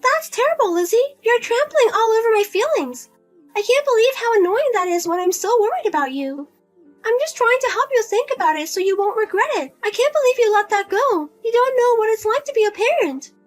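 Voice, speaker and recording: A woman's voice: very high voice, animated, brisk, faint music behind. A woman playing a whiny, pushy mother. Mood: nagging, whiny. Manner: nagging, pleading, guilt-tripping. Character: pushy middle-aged mother, whiny and money-grabbing.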